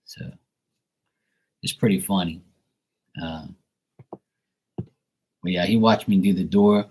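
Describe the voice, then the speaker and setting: A man's voice: low-pitched, fairly even intonation, slow, dark tone, a little hiss or hum. A man in his forties telling a rambling family story in a casual way, with lots of filler words. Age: 40s. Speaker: tarot reader and channel host.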